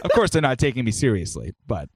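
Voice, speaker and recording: A man's voice: medium pitch, huge pitch swings, fast, a loud crowd. A young man co-hosting a casual comedy podcast, telling profane, laid-back stories. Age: young adult. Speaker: podcast co-host.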